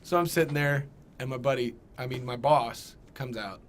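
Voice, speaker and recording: A young man telling a comedic story on a podcast, animated and profane, acting out voices. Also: mid-range voice, normal speed, a little hiss or hum. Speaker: podcast guest.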